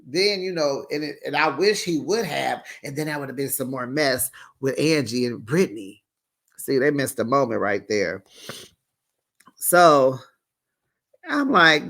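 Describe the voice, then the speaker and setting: A man hosting a casual TV recap, animated and laughing often as he acts out what people said. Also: mid-range voice, moderate pace. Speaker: TV recap host.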